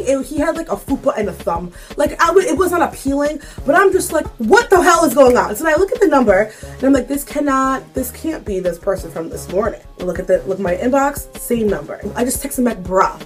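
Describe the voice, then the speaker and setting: A young woman vlogger telling a casual story-time tale, sassy and animated, with bursts of mock outrage. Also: sits high, fairly quick, soft background music.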